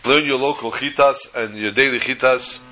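A man's voice: medium pitch, steady tone, moderate pace, background noise. An older man teaching a Torah class, mixing teaching with jokes and storytelling asides.

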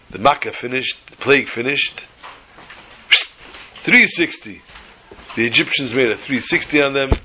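A man giving a sermon as a rabbi, telling it as a lively story and mixing in Hebrew and Yiddish terms. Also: mid-range voice, gravelly, slight background noise, rough recording. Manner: animated storyteller who acts out joke characters.

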